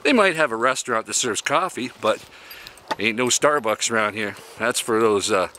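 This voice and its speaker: This man is in his fifties, hails from the Yukon in Canada, and vlogs while living in an RV. His mid-range voice moves at a moderate pace against a noisy background as he gives a casual, blunt, folksy and opinionated monologue, chuckling at his own humor.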